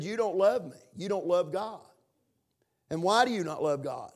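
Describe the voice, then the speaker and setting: A man preaching in church with a somewhat high voice. He builds to loud, emphatic lines, then drops to quiet asides to the congregation. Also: moderate pace. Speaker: pastor. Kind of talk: sermon.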